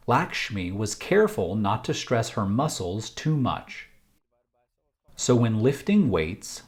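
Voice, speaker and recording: An American man gives a vocabulary lesson outdoors, walking along a trail. He talks very slowly and deliberately, working through example sentences. His pitch rises and falls in a lively way. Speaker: English teacher.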